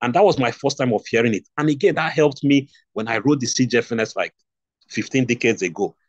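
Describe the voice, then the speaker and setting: A man's voice: mid-range voice, quick pace, no echo. A man with a Nigerian accent teaching a nursing exam review class, repeating key points and asking rhetorical questions. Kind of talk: online lecture. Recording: dull lo-fi stream audio.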